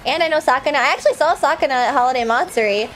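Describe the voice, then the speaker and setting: A woman streamer chatting casually and rambling with lots of fillers, breaking into sudden loud outbursts while she plays a game. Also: high voice, expressive, rapid-fire, soft background music. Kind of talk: casual live-stream chat while gaming.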